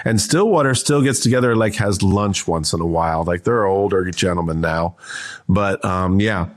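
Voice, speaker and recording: A man in his fifties, a guest on an interview, telling anecdotes in a lively, restart-heavy way. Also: sits low, normal speed. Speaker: guest, entrepreneur and author. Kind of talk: casual interview storytelling.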